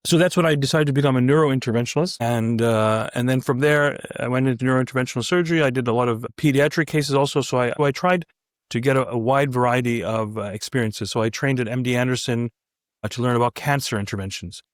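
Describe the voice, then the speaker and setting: A middle-aged man, a physician guest in an interview, telling stories in a casual, animated way with many restarts. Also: mid-range voice, quick pace, no room sound, studio quality. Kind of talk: casual anecdotal storytelling.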